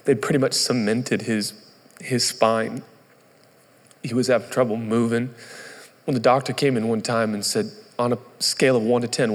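A man's voice: medium pitch, big-room sound. A man in his thirties, a pastor, telling a candid, self-deprecating story in a sermon.

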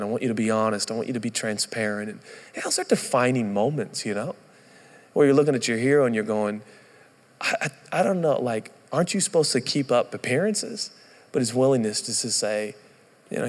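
A man in his thirties preaching a sermon, earnest and conversational, telling stories. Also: on the low side. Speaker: pastor. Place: church auditorium. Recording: long reverb of a large hall.

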